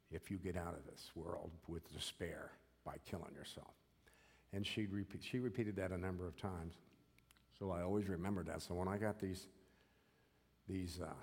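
A man's voice: deep voice, darkish tone, slightly rough, in a large hall. An older man giving an earnest personal testimony, often repeating himself and checking in with "okay?". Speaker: former prisoner giving testimony.

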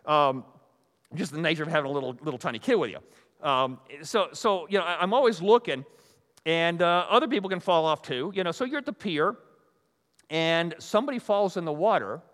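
Older guy preaching in a hall, kinda high voice, lots of "you know"s and restarts, long echo. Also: animated, brisk, a bit bright. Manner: rambling, folksy, full of restarts and "you know". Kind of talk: conversational sermon to a live audience. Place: hall with an audience.

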